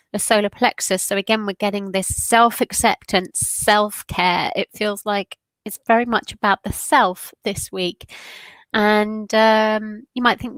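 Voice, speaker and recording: A woman's voice: medium pitch, fairly bright tone, no room sound. Emotional woman giving a tarot reading. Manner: emotional, rambling, with fillers. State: sniffly with a runny nose. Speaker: tarot reader hosting a weekly meditation. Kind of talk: casual spiritual talk.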